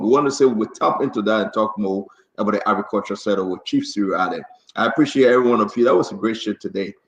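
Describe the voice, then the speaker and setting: A man's voice: fairly low pitch, echoey room, highs cut off. A man hosting a live talk show, wrapping up with loose, chatty closing remarks. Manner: loose, chatty, talks over interruptions. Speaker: show host.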